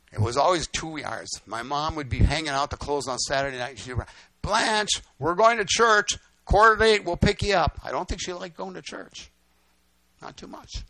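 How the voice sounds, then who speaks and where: A man's voice: mid-range voice, a bit bright, no room sound. An older man preaching, telling folksy stories with repeated lines and "guess what?" asides. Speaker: pastor. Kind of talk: storytelling sermon.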